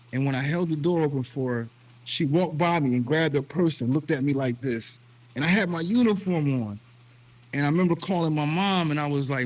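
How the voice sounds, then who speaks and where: Earnest American man telling stories. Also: fairly high pitch. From United States. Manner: earnest storytelling, emotional, with repeated restarts. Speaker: vlog host. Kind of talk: casual conversation.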